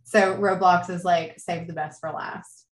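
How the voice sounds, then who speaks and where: A woman's voice: lowish voice, fairly even intonation, measured pace. A woman in her thirties hosting a podcast, chatting casually and encouragingly with her daughter. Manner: warm, encouraging, chatty with frequent laughs. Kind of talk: casual conversational interview. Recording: echoey room.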